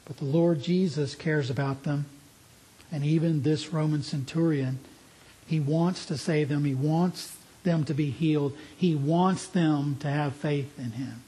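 A man's voice: fairly high pitch, fairly even intonation, measured pace, dark tone, breathy edge, rough recording. A man preaching a sermon in an earnest, emphatic way, asking his listeners pointed questions.

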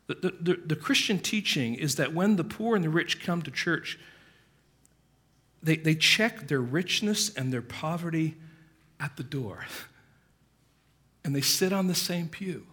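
A pastor preaching a sermon with passion, his delivery swinging from loud emphasis to quiet, earnest asides. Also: a little high, animated, measured pace, long pauses, husky.

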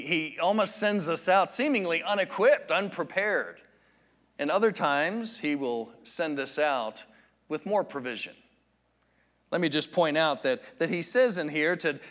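A man preaching a sermon, teaching in a measured, reflective way with frequent restarts. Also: on the high side, fairly bright tone. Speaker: pastor.

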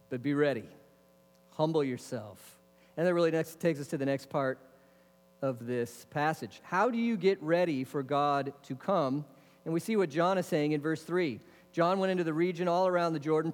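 High-voiced preacher in a reverberant hall. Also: male voice. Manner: lively preaching with rhetorical questions and casual asides. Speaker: pastor. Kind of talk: sermon. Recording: long reverb of a large hall.

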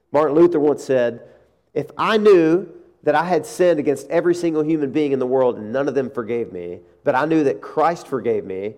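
A middle-aged pastor preaches in a relaxed, conversational way, his voice mellow and dark. He acts out quotes with lively asides. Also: mid-range voice, brisk. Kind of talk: sermon.

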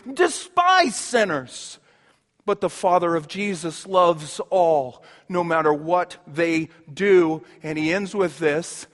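A man preaching a sermon as a pastor, dropping to hushed tones and then rising into emphatic outbursts. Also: high voice, in a large hall. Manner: swings from hushed intimacy to sudden emphatic outbursts.

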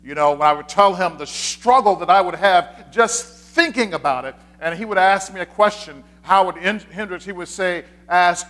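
Pastor, male, high-pitched, easy conversational preaching with repeated points. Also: normal speed, hardly any pauses, fairly bright tone. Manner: conversational, repeats key points, frequent "uh" fillers. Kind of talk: sermon.

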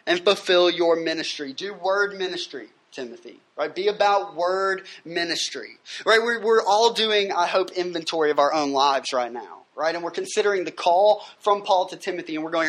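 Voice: medium pitch, lively intonation, normal speed, few pauses, fairly bright tone. Emphatic preacher checking in with "right?". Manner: reads scripture aloud and then explains it. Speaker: pastor. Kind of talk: sermon. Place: gathering on a university campus.

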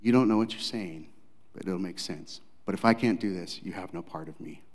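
A male pastor preaching a dramatic sermon, acting out scenes, swinging from loud to hushed. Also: deep voice, a little fast, big-room sound.

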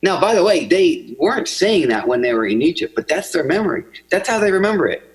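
A man preaching a conversational sermon, acting out quoted voices with big swings in pitch. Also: very animated, brisk, husky, poor audio. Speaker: pastor.

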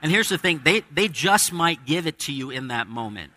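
A man's voice: on the high side, very animated, normal speed, bright, forceful tone. A man preaching a sermon as pastor, conversational, with dramatic quoted asides. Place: church with a congregation.

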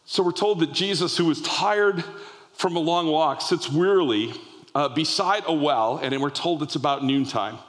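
A male preacher tells a story in an animated sermon, often restarting his phrases. His voice sits fairly high for a man. A long reverb tail from a large hall follows his words. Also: moderate pace.

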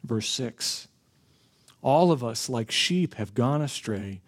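A man delivers a sermon in an earnest preaching voice. His pitch sits in an ordinary middle range. He slows down and leans on the key phrases. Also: animated. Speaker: pastor.

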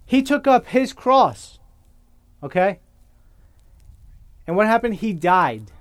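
Slow, high-voiced preaching man. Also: sing-song, dry recording. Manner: slow and deliberate, keeps asking "okay?". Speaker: pastor. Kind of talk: sermon.

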